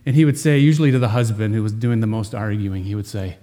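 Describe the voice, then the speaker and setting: Male pastor preaching, earnest, warm low-bright timbre, rises and drops for emphasis. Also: fairly even intonation. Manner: earnest preaching with dramatic pauses and shifts in volume. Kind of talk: sermon.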